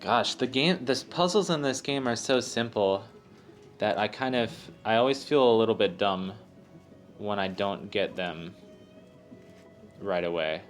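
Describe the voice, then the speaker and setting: A man giving rambling, halting gameplay commentary as a let's play host, joking at his own expense. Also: lowish voice, expressive. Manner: rambling, halting, self-deprecating. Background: faint game music.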